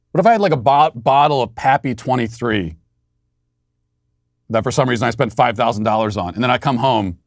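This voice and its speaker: A man's voice: mid-range voice, vocal fry, no room sound, clean studio sound. A man hosting a podcast, telling a story in a sardonic, mock-outraged way. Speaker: podcast host. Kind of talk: casual monologue.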